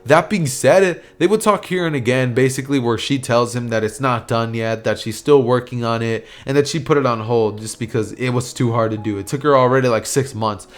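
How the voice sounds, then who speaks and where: A man's voice: medium pitch, fairly quick, hardly any pauses. A man narrating an anime fan story in a casual, rambling way with plenty of fillers. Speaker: YouTube storyteller. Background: soft music.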